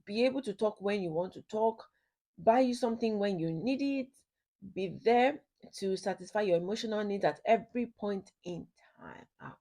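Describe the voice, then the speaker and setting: A woman's voice: medium pitch, darkish tone. A woman speaks as a ministry teacher, giving a talk on marriage. She drives her points home by repeating them and keeps turning to her listeners with questions, in an earnest, instructive way.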